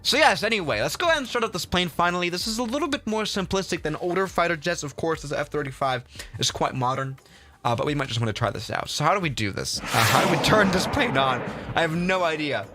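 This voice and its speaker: A man's voice: on the high side, animated, fast, noisy background. A man hosting a casual flight-sim livestream, chatty and rambling, with lots of fillers and restarts.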